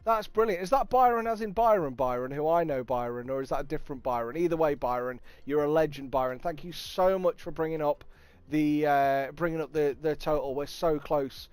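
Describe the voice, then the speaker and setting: A man with a Nottingham accent hosting a casual livestream, chatting, swearing freely and thanking viewers with bursts of excitement. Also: on the high side, fairly quick, clear, resonant tone, dry recording. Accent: Nottingham English. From England. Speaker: livestream host. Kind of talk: casual livestream chat reading viewer comments.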